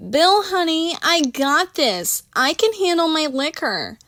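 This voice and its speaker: A woman voicing a brash, tipsy party woman from Queens who talks loud and swaggering. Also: very high-pitched, sing-song, slow pace, dry recording, voice pushed up, exaggerated voice.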